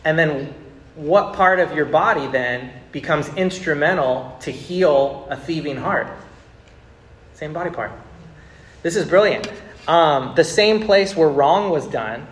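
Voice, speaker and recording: A man's voice: a little high, a little slow, echoey room. A man in his thirties preaching a sermon to a congregation, talking casually, repeating words and building to emphatic bursts. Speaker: pastor. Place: church sanctuary with congregation.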